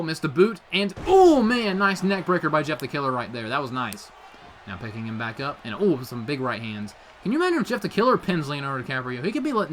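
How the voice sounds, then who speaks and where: A young man calls wrestling play-by-play in a bright, lively, fairly high voice that leaps up on every big move. His delivery is hyped and full of exclamations. A faint hiss of background noise sits under the home recording. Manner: hyped, frequent "oh" exclamations, rising to shouts at big moves. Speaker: play-by-play commentator for video game wrestling. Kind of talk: excited play-by-play commentary.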